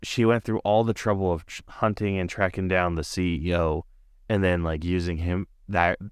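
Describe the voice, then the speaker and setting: A man's voice: sits low, steady tone, moderate pace, smooth, no echo, studio quality. A man co-hosting a casual movie review podcast, chatty and full of fillers. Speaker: podcast co-host.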